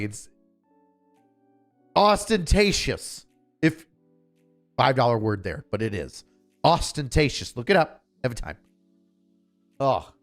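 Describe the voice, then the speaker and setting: A man streaming a reaction to a comedy special, ranting in a sarcastic, exasperated way with lots of fillers and swearing. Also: fairly high pitch. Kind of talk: casual reaction commentary.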